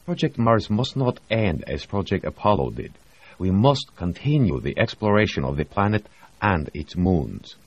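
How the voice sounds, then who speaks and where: A man voicing Brumado, a gentle, earnest mission official, in a slightly raised, soft-spoken voice. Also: sits low, very animated, moderate pace, breathy edge, no room sound, voice pushed up, exaggerated voice. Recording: dry, slightly muffled audio.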